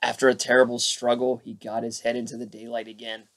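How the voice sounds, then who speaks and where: A man reading a children's storybook aloud as a bedtime story, with lively character voices. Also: mid-range voice, brisk. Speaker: storybook narrator.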